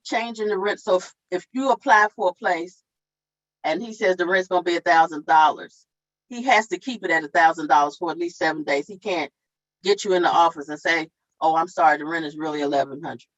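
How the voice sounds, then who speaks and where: A woman's voice: on the low side, highs cut off. A woman at an online town hall, explaining tenant law step by step in a plain, repetitive way. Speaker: tenant advocate.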